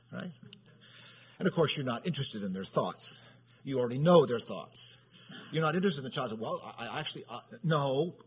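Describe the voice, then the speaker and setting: Husky man teaching a casual sermon. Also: mid-range voice, fairly bright tone. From California. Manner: rambling, with frequent restarts and "right?" tags. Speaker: elder teaching a Bible study. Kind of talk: conversational sermon.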